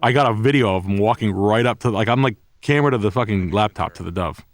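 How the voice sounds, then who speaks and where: This podcast co-host has a lowish voice and talks quickly, with no room sound in the recording. He's telling a rambling story in a casual chat, peppered with heavy profanity.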